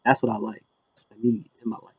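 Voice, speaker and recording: A man's voice: medium pitch, little pitch movement, fast, vocal fry, slightly rough, no room sound, rough recording. A man hosting a casual solo recap, rambling with many fillers and acting out quotes in passing. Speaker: wrestling show recap host.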